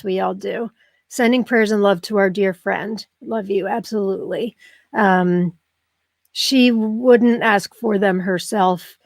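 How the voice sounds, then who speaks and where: A middle-aged livestream host with a mid-range voice chats casually with her viewers during a live broadcast. She's emotional, warm and effusive, with frequent ums, recorded in clean studio sound without room echo.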